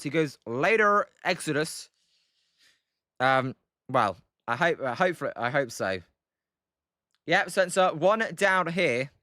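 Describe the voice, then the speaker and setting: On a laid-back live stream, a British man with a high, bright, smooth and clear voice calls the game one pitch at a time. He's chatty and full of fillers, answering viewers' chat messages between pitches. The recording is close and dry.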